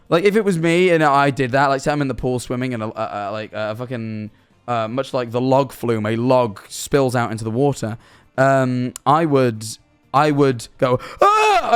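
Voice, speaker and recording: Rambling young streamer. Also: male voice, medium pitch, clean tone. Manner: rambling, hypothetical storytelling, reacting to chat. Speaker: livestreamer. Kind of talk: casual live-stream chat.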